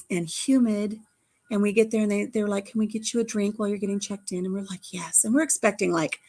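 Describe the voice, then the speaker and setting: A middle-aged woman hosting a livestream, chatting casually, telling stories and answering the live chat. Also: mid-range voice. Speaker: livestream host.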